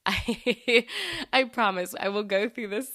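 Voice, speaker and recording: A woman with a medium-pitched, slightly bright voice speaks slowly, hosting her own podcast in a casual, gushing, enthusiastic chat. She rambles, filling her talk with fillers and restarts. The recording is dry and studio-clean.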